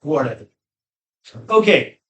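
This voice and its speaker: A man with a fairly high voice gives trailer-reaction commentary. He rambles with plenty of asides and sounds openly exasperated and opinionated. The recording rings with the echo of a bare room. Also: sing-song, slow pace. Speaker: film reviewer. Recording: echoey room.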